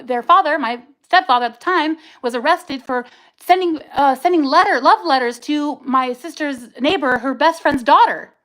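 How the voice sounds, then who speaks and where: The livestream host's voice is high-pitched and a bit bright, captured on a rough recording. She shares an emotional personal testimony in angry, raw bursts, swearing as she goes.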